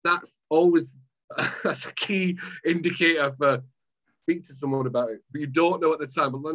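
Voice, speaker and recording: A man's voice: a little high, moderate pace, muffled recording. A Scottish man, a mind management coach, chatting as a guest and acting out scenes from his own story. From Scotland. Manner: animated storyteller acting out his past self. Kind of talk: casual chat.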